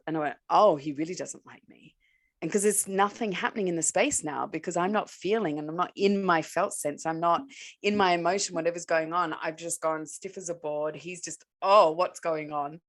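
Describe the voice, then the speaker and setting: A woman's voice: on the low side, brisk. Laughing woman telling a story. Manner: animated storytelling with frequent laughter. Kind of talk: casual chat, storytelling.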